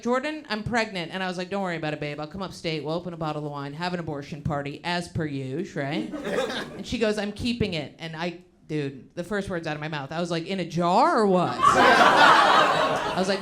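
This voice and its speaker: A woman's voice: fairly low pitch, heavy background noise. Brash, profane woman doing stand-up. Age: 30s. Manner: brash, profane, deadpan asides. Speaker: stand-up comedian. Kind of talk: stand-up comedy set. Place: comedy club stage with a live audience.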